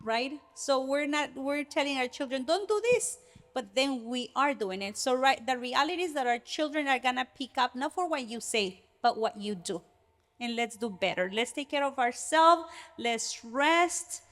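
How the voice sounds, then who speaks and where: A woman co-hosting a podcast for child care providers, talking in an earnest, animated way with frequent restarts. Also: high-pitched, normal speed. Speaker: podcast co-host. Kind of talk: casual podcast conversation.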